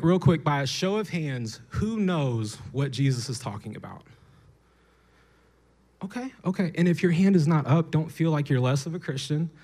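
Animated young male preacher. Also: fairly high pitch. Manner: animated, playful storytelling with acted voices. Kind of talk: lively sermon.

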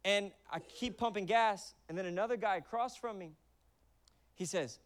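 A young man preaching in a church, his voice pitched high for a man and resonant and clean. He moves from easy, joking storytelling to loud, emphatic peaks. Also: normal speed. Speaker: pastor. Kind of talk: sermon.

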